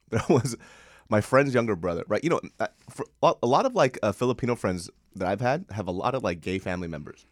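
A man's voice: lowish voice, fast, no room sound, studio quality. A man co-hosting a casual podcast chat, telling stories with a lot of laughter and swearing. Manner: animated storyteller, laughs often, swears freely. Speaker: podcast co-host.

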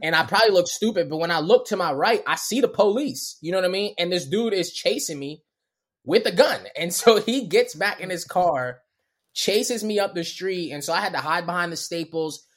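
A man, a comedian guest, telling a story on a podcast in animated, profane street slang. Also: sits high, normal speed. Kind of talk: storytelling in casual chat.

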